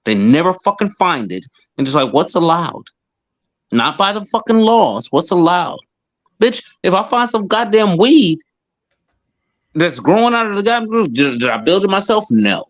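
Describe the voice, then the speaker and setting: A man's voice: high voice, sing-song, moderate pace. A man co-hosting a casual chat, rambling through profane, heated rants. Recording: dull lo-fi sound.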